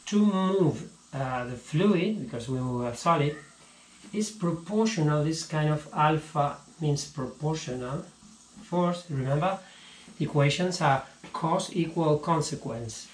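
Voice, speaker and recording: Guy teaching physics, bit higher voice, stops and restarts a lot, echoey room. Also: slight background noise. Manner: halting, repeats words while explaining. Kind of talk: casual physics lesson. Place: home room. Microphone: action camera. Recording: echoey room with faint ambience.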